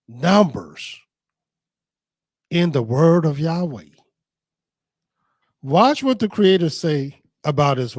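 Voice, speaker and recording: A man teaching scripture in a deliberate, emphatic preaching manner. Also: on the high side, no echo, clean studio sound.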